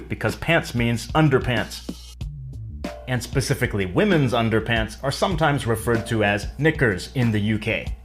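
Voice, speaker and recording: A man walks through an English lesson in a clear, methodical way. He slips in some dry humor, and his pitch sits at an average level. Faint music plays behind him. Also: fairly bright tone. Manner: clear, explanatory, dryly humorous. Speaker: English teacher. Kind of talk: scripted educational narration.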